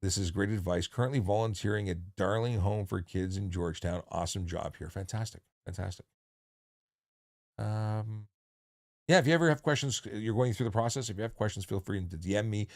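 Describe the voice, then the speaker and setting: A former police officer hosts a casual livestream in a low, fry-edged voice. He talks jokily and rambles, circling back and correcting himself often. His voice sounds close and dry, with no room sound around it. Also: fairly quick, darkish tone, dry recording. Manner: jokey, rambling with many restarts.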